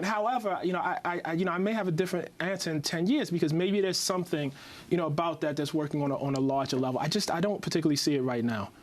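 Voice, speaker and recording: Man, forties, interview guest, quick speech, slightly high voice, lots of restarts and fillers. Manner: halting, many restarts and "you know" fillers. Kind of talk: thoughtful interview answers.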